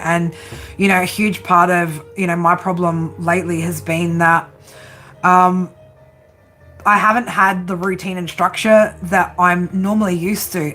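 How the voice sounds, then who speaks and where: A woman's voice: lowish voice, a bit bright. Giggly woman chatting through a tarot stream. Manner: giggly, chatty, tags lines with "right?". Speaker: tarot reader hosting a live stream. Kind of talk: casual live-stream tarot reading.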